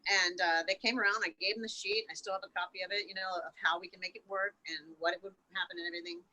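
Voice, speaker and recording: A woman's voice: fairly low pitch, steady tone, fast, sharp tone, rough recording. A woman guest on a podcast telling a painful story in an emotional, unfiltered way, swearing freely and often stumbling and restarting her sentences. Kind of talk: candid storytelling interview.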